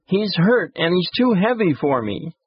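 A frightened young boy pleads through tears, his voice lifted high above the storyteller's own, as a man puts him on. The tone is husky and close, with a dull lo-fi recording. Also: very animated, measured pace, no echo, full character voice. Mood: pleading. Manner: pleading, tearful.

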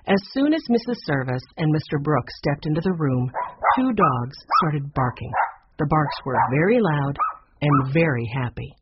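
A man narrating a children's chapter book in a lively, expressive reading with a husky voice. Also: on the high side, moderate pace, dull audio, heavy background noise. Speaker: audiobook narrator.

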